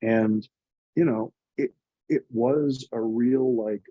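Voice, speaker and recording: A man's voice: medium pitch, steady tone, slow, no echo, highs cut off. A man in his forties, a nonprofit co-founder, telling his story in an earnest, emotional, chatty way. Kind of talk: reflective conversational storytelling.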